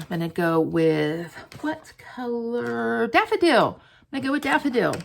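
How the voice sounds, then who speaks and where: A woman's voice: mid-range voice, vocal fry, slight background noise. A woman hosting a casual stamping tutorial, chatting to viewers in a self-deprecating way while she colors. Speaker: crafting video host.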